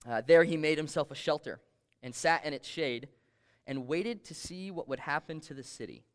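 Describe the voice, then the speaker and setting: A man's voice: fairly high pitch, moderate pace, smooth. A man preaching a conversational sermon, reading scripture aloud and explaining it with shifting emphasis. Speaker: pastor.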